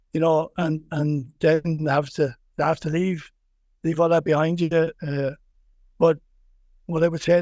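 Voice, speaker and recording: An Irish boxing coach from Wexford guests on a casual podcast interview, his higher, slightly mellow voice recorded dry with no echo. He rambles, restarting often and repeating words, and laughs easily.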